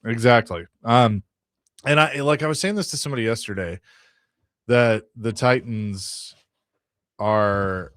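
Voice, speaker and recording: A man's voice: mid-range voice, a little slow, pauses often, a bit bright, no room sound, studio quality. A man hosting a sports talk radio show, chatting in an easygoing, rambling way and reading sponsor lines. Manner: easygoing, rambling, reads ad copy. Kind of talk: casual sports radio banter. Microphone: studio microphone.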